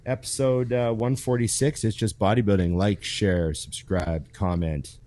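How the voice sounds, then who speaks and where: Speaking at a measured pace in a lowish voice, this man hosts a casual podcast. His storytelling is animated and full of profanity.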